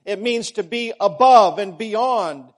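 A man preaching a sermon, measured and emphatic, repeating key words for stress. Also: high voice, expressive.

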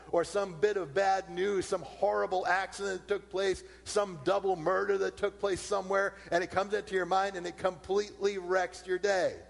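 A man preaching a sermon, slowing down to repeat his key points. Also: sits high, gravelly. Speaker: pastor. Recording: long hall reverb.

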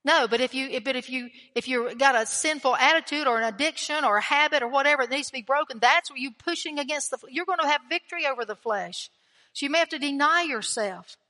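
A woman's voice: high-pitched, fast talker, bright, forceful tone. A woman preaching a sermon in a church, emphatic and conversational, asking her listeners questions. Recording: long hall reverb.

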